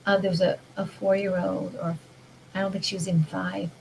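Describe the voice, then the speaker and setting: A woman's voice: medium pitch, level tone, a little fast, gravelly, a little hiss or hum, rough recording. A woman talking in an earnest, rambling way about mindful living, often restarting her sentences. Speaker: vlogger. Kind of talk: casual spiritual monologue.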